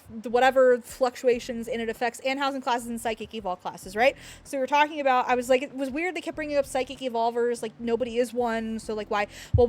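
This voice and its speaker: A woman streaming, chatting excitedly and rambling, with frequent laughs and apologies. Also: fairly high pitch. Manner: gestures and hits the desk when excited. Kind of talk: excited livestream chat reacting to a game. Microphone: desk mic picking up thumps.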